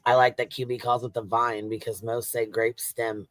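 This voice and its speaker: Man, livestream host: relaxed, profane banter, bright edgy tone, dry sound. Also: mid-range voice, normal speed, dry recording. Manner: laid-back and heavily profane. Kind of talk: casual livestream chat.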